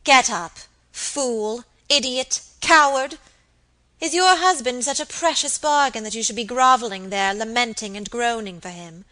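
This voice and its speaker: A cold, scornful aristocratic lady, voiced by a woman reader, gives orders in a hard, clipped tone. Her voice is bright and fairly high, yet stern and without warmth. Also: rough recording. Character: cold, imperious noble lady, harsh and scornful.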